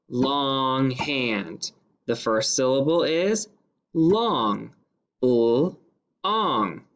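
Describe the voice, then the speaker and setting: A man teaching a phonics dictation lesson to young pupils, sounding out each word slowly and clearly and repeating it several times. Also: mid-range voice, highs cut off.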